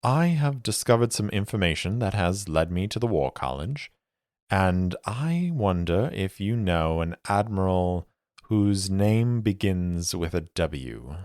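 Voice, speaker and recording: A man playing a sly, smooth-talking male mercenary with courteous, measured speech. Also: low-pitched, animated, darkish tone, dry recording, studio quality.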